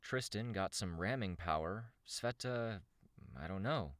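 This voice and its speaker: A man's voice: low-pitched, expressive, a little slow, fairly bright tone, dry recording, voice pushed up. A man voicing a friendly, playful young woman in an audiobook reading, with a chatty, easygoing manner. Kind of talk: audiobook character voice.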